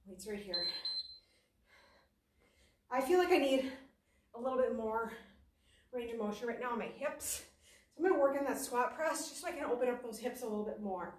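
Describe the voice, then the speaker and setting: A female fitness instructor leads a workout class, chatting and poking fun at herself as she exercises, sometimes out of breath. Her expressive, higher-pitched voice moves at a normal speed with frequent pauses, heard from a distance in an echoey room.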